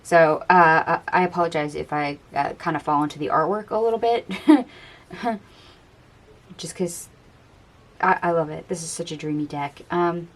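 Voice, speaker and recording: Low-voiced woman reading tarot cards. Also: moderate pace. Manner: chatty and dreamy, musing aloud over the cards. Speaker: tarot reader. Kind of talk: casual tarot card reading.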